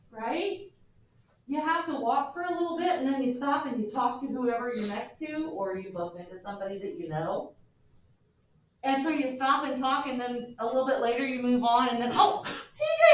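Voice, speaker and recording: Animated woman teacher in an echoey classroom. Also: high-pitched, recorded from a distance, a little hiss or hum. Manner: animated and joking, with students. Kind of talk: classroom lecture.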